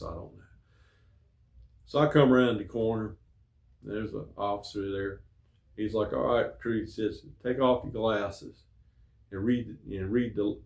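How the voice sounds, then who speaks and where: A man's voice: on the low side, a little mellow. A middle-aged man, host of his own show, telling a rambling personal story in a folksy, casual way with many fillers. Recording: echoey room.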